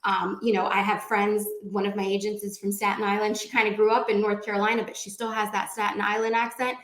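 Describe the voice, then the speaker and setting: A woman's voice: medium pitch, little pitch movement, fast talker, a bit bright, roomy sound. A woman speaking as a panelist at a round table discussion, talking in a chatty way with many fillers and restarts. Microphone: video call.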